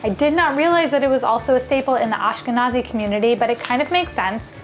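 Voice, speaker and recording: This cooking vlog host has a fairly high voice and talks fast over soft background music. In her home kitchen she keeps up an enthusiastic, chatty stream of thoughts as she prepares food.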